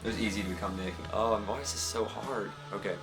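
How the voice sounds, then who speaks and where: A man's voice: on the low side, fast talker, vocal fry. Easygoing man chatting over music. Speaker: interviewer and cast member playing Nick. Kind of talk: casual interview chat. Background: background music.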